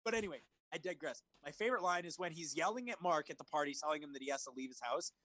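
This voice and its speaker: A man co-hosting a movie review podcast in casual chat over a remote call, animated and swearing freely. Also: on the high side, very fast, dry recording. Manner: animated, swearing, laughs, mimics lines. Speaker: podcast co-host. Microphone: remote call recording.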